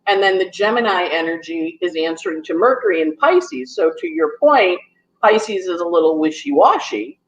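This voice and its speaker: A woman astrologer tells a story in a casual, quick way and acts out the voices of the people in it. Her voice comes over a dull phone line. The room around her is echoey. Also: on the low side, expressive. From New York. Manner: talks fast when nervous, acts out quotes. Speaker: astrologer guest. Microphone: phone on a call.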